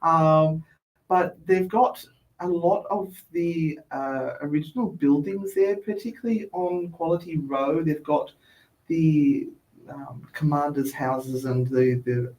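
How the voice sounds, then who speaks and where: A woman's voice: sits low, slow, darkish tone, low-quality recording. A woman hosting a live talk show, chatty and rambling, laughing between her questions. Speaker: host.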